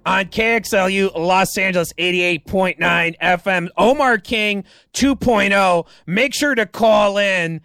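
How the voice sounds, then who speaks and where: A man hosting a morning radio call-in show, running it with brisk, playful banter. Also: high voice, sharp tone, smooth, no room sound, clean studio sound. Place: radio studio.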